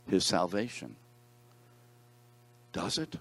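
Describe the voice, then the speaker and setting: A man's voice: deep voice, expressive, measured pace, long pauses, no echo. A man teaching a Bible class, reading scripture aloud and putting questions to his students in a conversational way.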